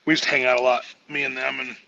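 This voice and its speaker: A man's voice: mid-range voice, flat delivery, rapid-fire, creaky, sharp tone, dry recording, dull audio. A man joining a casual panel chat and cracking blunt, crude jokes.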